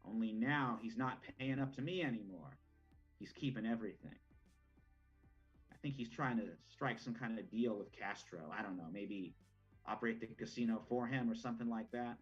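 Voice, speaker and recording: A man playing a smooth, scheming older mob boss. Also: mid-range voice, normal speed, highs cut off, faint music behind, natural voice. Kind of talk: tabletop role-play.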